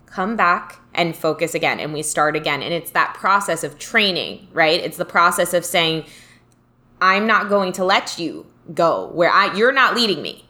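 Bright-voiced woman chatting casually. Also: lowish voice, moderate pace. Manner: animated storyteller, many fillers, swears casually. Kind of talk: casual conversation.

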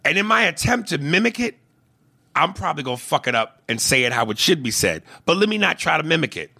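Animated gravelly man ranting about movies. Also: on the high side, fast talker. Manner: animated, profane, does mocking impressions, shouts when riled. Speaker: podcast co-host. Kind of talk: casual movie chat.

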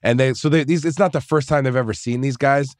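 A man's voice: mid-range voice, fast talker, no room sound, studio quality. A man casually telling a long, profane story, full of fillers and restarts. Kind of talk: casual chat.

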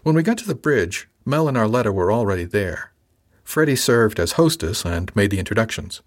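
A man reading a novel aloud in first person with a measured, dry delivery. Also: lowish voice, expressive. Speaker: audiobook narrator.

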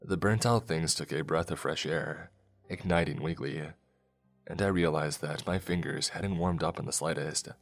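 Very deep-voiced man narrating horror. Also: creaky. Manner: low, measured storytelling. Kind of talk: first-person horror story narration. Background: faint music.

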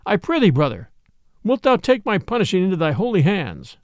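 A merry, proud outlaw chief from a storybook, as a male narrator voices him, declaiming boldly. The voice is high with wide pitch swings, in a dry, close recording. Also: huge pitch swings, fairly quick, no room sound, exaggerated voice.

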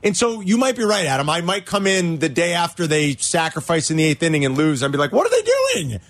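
A man hosting a sports talk radio show, an animated fan who rants about his teams. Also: on the high side, quick pace, dry recording.

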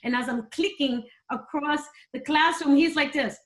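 Brief: middle-aged woman guest, high voice, animated storyteller, laughs easily. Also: normal speed. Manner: animated, laughs between stories. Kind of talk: candid storytelling interview.

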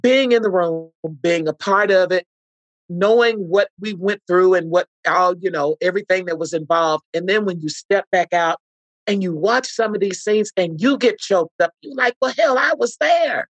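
A woman's voice: lowish voice, normal speed, dry recording, low-quality recording. A middle-aged woman telling heartfelt stories as a guest in a podcast interview, acting out what people said. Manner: heartfelt, earnest storytelling with acted-out quotes. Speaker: actress guest.

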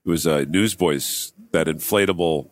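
A man talking as a guest in casual chat, halting with pauses and restarts. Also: very deep voice. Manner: halting, many fillers and restarts. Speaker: guest comedian.

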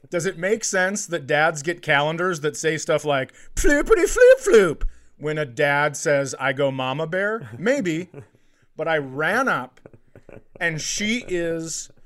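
A middle-aged man telling a comic story on stage, acting out the voices in it. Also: a little high. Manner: animated, acts out voices in his story. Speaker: comedian. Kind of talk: stand-up storytelling.

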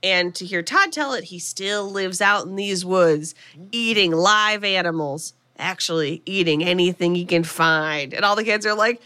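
Woman podcast co-host, bright and animated, comic film recap full of quick character voices. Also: on the low side. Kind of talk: casual comedic film recap.

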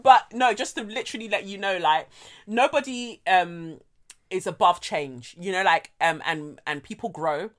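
A young woman, co-hosting a chat show and telling stories in an animated, slangy, frank way with plenty of laughter. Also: on the low side, moderate pace. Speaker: podcast co-host. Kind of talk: casual chat, storytelling.

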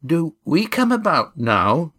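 A man's voice: a little high, sing-song, takes it slowly, a bit bright, husky, voice pushed up, heavily acted. A man reading a storybook, voicing a nervous, querulous fisherman on a boat crew. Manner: querulous, hopeful.

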